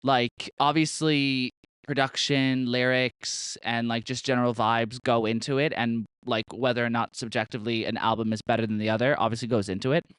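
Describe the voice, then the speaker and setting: A man's voice: medium pitch, steady tone, moderate pace, fairly bright tone, smooth, dry recording. Gushing young man podcast host. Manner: chatty and gushing, full of "like" and swearing. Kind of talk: casual chat.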